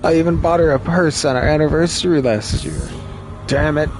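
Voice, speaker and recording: A man's voice: on the high side, fairly quick, a little mellow, faint music behind, pitched above the performer's own voice, natural voice. A man voicing an exhausted, furious man who rants and swears about his wife's betrayal. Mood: bitter rage. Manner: ranting, swearing, unhinged.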